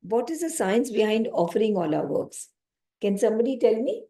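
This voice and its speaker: A woman giving a lecture on scripture, explaining slowly, repeating key phrases and asking her small audience questions. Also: fairly high pitch, very animated, warm tone. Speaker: spiritual teacher.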